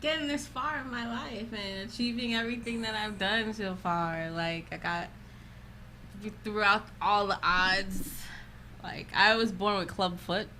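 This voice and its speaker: A woman's voice: medium pitch, unhurried, bright, forceful tone, slight background noise. A young woman guest in casual podcast chat, confident and playful, laughing often.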